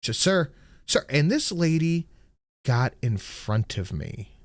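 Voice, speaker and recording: A man's voice: medium pitch, very animated, a little slow, no room sound, studio quality. A man co-hosting a podcast, bluntly and with exasperation recounting everyday run-ins in casual chat. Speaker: podcast co-host.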